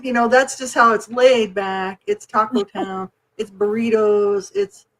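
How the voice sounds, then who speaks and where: A lively woman from New Mexico, fairly high-pitched, chatting casually on a podcast. She tells her stories with energy, acts out the voices of the people in them and laughs often. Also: a little slow, few pauses, poor audio. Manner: animated storyteller acting out voices, laughs often. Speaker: podcast co-host. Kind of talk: casual chat.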